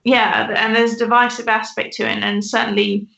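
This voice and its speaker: A woman's voice: fairly high pitch, level tone, moderate pace, gravelly, sharp tone, echoey room, lo-fi sound. A woman co-hosting a podcast, chatting in a rambling way with many restarts. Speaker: podcast co-host. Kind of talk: casual discussion.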